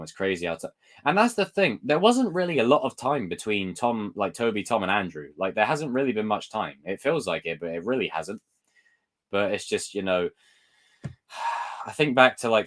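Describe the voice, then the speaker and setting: A man's voice: fairly low pitch, fairly bright tone. A young man hosting a live stream, chatting casually about movies in a rambling way and acting out scenes in exaggerated voices.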